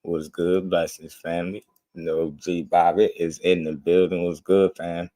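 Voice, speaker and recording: A boxing channel host runs a casual livestream chat, laid-back and laughing often as he shouts out viewers by name. His voice is deep, his delivery flat, and his speed normal.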